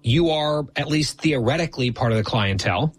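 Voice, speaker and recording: A man's voice: fairly high pitch, lively intonation, brisk. A man co-hosting a show, teasing his co-host with dry sarcasm in casual banter. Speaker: podcast co-host.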